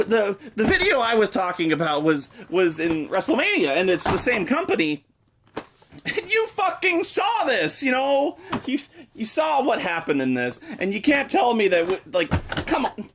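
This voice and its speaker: Exasperated man ranting, high lively voice. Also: normal speed. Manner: sarcastic, exasperated, profane, shouting at times. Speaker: host. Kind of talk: comedic review rant.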